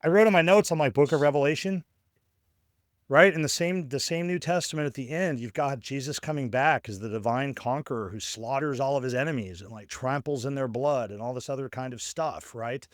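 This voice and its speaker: A man's voice: medium pitch, a little fast, hardly any pauses, a bit bright, no echo, studio quality. A man co-hosting a podcast as a scholar of religion, thinking aloud in a casual discussion with frequent "right?" tag questions. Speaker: podcast co-host.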